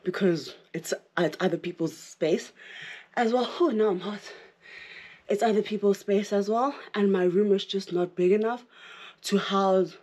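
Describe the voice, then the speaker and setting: A South African woman vlogging to camera in casual chat, excitable and rambling, often breaking into laughter. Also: mid-range voice, a little slow.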